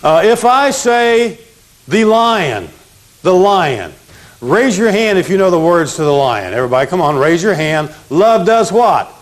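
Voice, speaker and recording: A man leads a picture-based memory lesson in a playful, punny way, drilling phrases with his audience. His voice sits a little high and swings widely in pitch. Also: sing-song, a little slow. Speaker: teacher.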